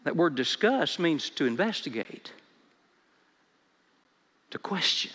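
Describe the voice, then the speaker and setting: A man's voice: on the high side, sing-song, takes it slowly, fairly bright tone, slightly rough. A man preaching a sermon as pastor, earnest, often repeating his first words as he starts a sentence. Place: church sanctuary. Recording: long hall reverb.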